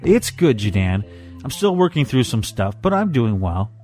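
A man's voice: medium pitch, sing-song, moderate pace, a little mellow, soft background music, close to an everyday voice. A man reading fan fiction aloud, voicing a polite, hesitant male alien counselor aboard a starship.

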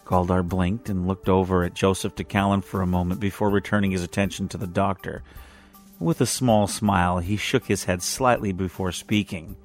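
Derin sesli erkek anlatıcı. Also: male voice, low-pitched, steady tone, moderate pace, soft background music. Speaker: narrator. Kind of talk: reading fan fiction aloud.

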